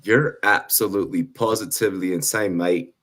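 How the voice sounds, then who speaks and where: A man putting on a loud, cursing bloke with a fake British accent that drifts toward Irish. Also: low voice, fairly even intonation, moderate pace. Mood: rowdy. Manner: rowdy, cursing, exaggerated slang.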